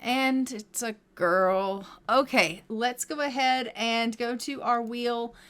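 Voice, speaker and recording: Speaking in a fairly high, bright, clean voice, a woman gives relaxed commentary over a life-simulation game. She's chatty, says "um" a lot, draws out her phrases, and often talks to her characters or voices their lines herself.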